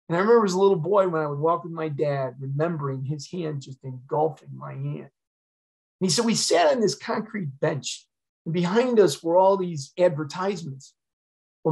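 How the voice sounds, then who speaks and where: A man's voice: on the high side, gravelly, rough recording. A middle-aged man, a retired fire chief, telling a candid and emotional personal story to an audience.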